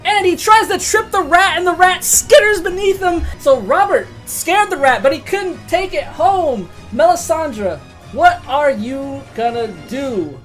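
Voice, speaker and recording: A woman narrating a tabletop game as game master, excitable, swearing casually and laughing often. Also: very high voice, measured pace, soft background music.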